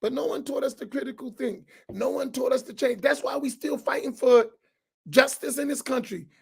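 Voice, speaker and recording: A man, preaching to an audience on a roundtable. He is loud and challenging, and he repeats phrases for emphasis. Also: extremely high pitch, moderate pace, creaky, slightly rough. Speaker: imam on a roundtable.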